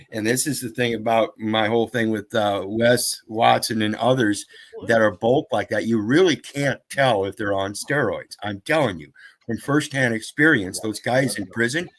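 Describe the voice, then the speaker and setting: A man on a talk show, speaking emphatically from firsthand experience. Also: medium pitch. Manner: emphatic, storytelling.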